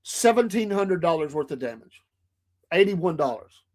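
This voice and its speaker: A man's voice: a little high, sing-song, normal speed, a little mellow. A man co-hosting a casual chat show, telling funny stories and laughing often. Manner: storytelling, laughs often, acts out quoted voices. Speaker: podcast co-host.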